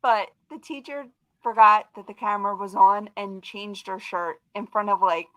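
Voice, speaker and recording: A middle-aged woman, a guest on a video-call webcast, chatting casually and telling stories in an animated way with lots of "like" and "dude". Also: mid-range voice, moderate pace, no echo, rough recording. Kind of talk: casual chat on a live webcast.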